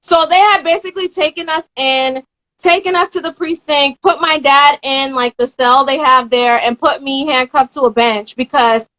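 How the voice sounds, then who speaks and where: A young woman in her twenties, an interview guest telling a story in a casual live-stream chat over a phone or video call, animated and quick to act out the people she describes. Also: high-pitched, rough recording.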